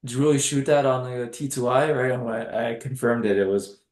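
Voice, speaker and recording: A man, a film director being interviewed, talking in a halting, hesitant way with many restarts. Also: mid-range voice, fairly even intonation. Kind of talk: casual interview chat. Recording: echoey room.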